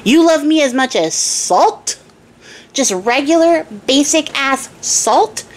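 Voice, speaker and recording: A woman's voice: a little high, very animated, normal speed. A woman voicing a proud, hot-tempered old king who curses in indignant outbursts while telling a fairy tale. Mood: outraged. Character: blustering proud old king, quick to rage.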